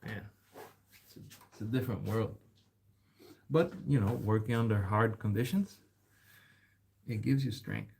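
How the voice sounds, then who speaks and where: Casual vlogger type: young man, gravelly low voice, rambling shop talk, faint background noise. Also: measured pace, long pauses, darkish tone. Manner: rambling, chatty, peppered with "man" and "bro". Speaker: bike repair vlogger. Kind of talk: casual chat while working. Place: bike repair shop.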